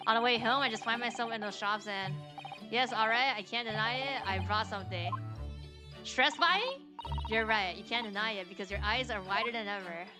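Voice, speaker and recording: This woman streamer's mid-range voice holds a steady tone and moves a little fast. She reads the game's dialogue aloud and takes on every character in a let's-play, with casual asides between lines over game music.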